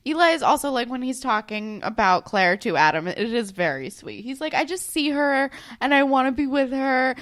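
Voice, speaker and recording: A woman's voice: sits high, sing-song, normal speed, hardly any pauses, fairly bright tone. A young woman co-hosting a podcast, chatting casually about a TV episode with wry asides and plenty of swearing. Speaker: podcast co-host. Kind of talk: casual recap chat.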